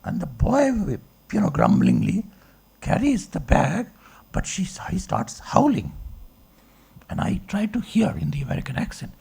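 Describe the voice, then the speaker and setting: A man's voice: high-pitched, wildly swooping pitch, measured pace, gravelly, a little mellow, slightly rough. A man, a philosophy professor, giving a discursive public lecture and checking in with the audience with rhetorical questions. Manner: discursive, asks rhetorical checks like okay and right.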